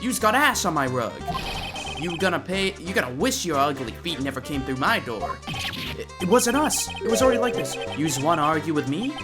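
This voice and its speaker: Woman putting on a loud growling mob-boss man, deep and forceful, for a game playthrough. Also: very animated, fairly quick, loud music behind the voice. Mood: menacing. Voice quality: mobster slang, rough threatening. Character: gruff loud middle-aged male mob boss.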